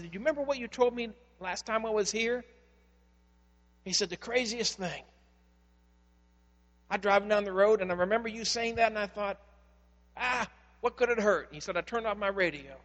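A man preaching as pastor, telling stories and swinging from loud emphasis to hushed, quiet passages. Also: high-pitched, moderate pace, pauses often, in a large hall. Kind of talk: sermon.

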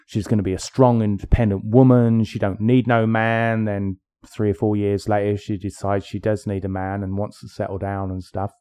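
A man's voice: fairly low pitch, level tone, brisk, few pauses, warm tone. A middle-aged man co-hosting a podcast, talking in an opinionated, rambling way with many fillers. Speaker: podcast co-host. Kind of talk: casual chat.

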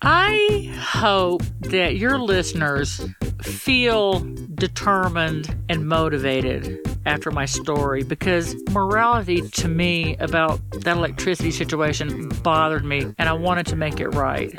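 A woman's voice: sits low, lively intonation, unhurried, over music. A woman sharing a personal story as a podcast guest, blunt and profane, acting out the exchanges she recalls and close to tears.

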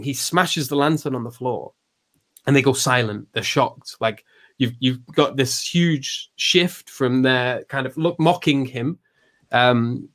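A man with a medium-pitched, fairly bright voice explains ideas in casual conversation. He's hesitant, full of restarts and fillers, and raises his voice whenever he acts out quoted lines.

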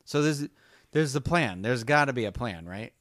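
An excitable man co-hosting a casual fan podcast, often restarting his sentences as his thoughts race ahead. His voice sits at an ordinary middle pitch. The recording is dry and close, with no room sound. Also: moderate pace, no room sound. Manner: enthusiastic, rambling with restarts. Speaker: podcast co-host.

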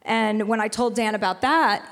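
A woman's voice: on the high side, normal speed, a bit bright. Woman host, 40s, frank and profane storyteller, live show, long hall reverb. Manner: frank and profane, rambling with restarts. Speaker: podcast host. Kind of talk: candid storytelling on a live podcast. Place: live stage in a venue.

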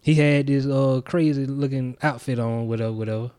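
Chill dude w a warm dark voice, AAVE, joking around. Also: male voice, mid-range voice, steady tone, fairly quick, clean tone. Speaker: podcast co-host. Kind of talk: casual chat.

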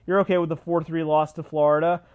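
A young man hosting a solo sports podcast, ranting with animated repetition and frequent fillers. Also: on the high side, fast talker, narrow, tinny audio. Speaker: podcast host.

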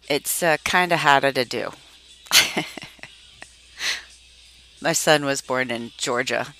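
A woman's voice: rumbling low, slow, long pauses, pushed and bright, no echo. A middle-aged woman from Massachusetts chatting casually and rambling, with frequent laughs and trailing-off sentences. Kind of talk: casual chat.

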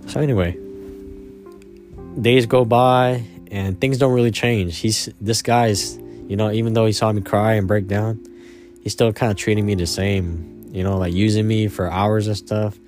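A young man casually telling a personal story, halting and slangy, with lots of fillers. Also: lowish voice, fairly even intonation, darkish tone, soft background music.

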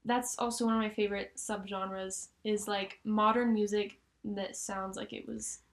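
A woman's voice: medium pitch, flat delivery, moderate pace. A young woman co-hosting a casual podcast, chatting enthusiastically with lots of "like" fillers. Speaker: podcast co-host. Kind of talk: casual chat.

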